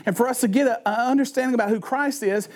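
A man's voice: extremely high pitch, fast talker. A man preaching a sermon in a folksy, conversational storytelling manner.

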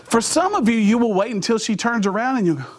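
A middle-aged man giving a comic, animated storytelling talk as a motivational speaker, acting out voices and sound effects. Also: very high voice, quick pace, husky.

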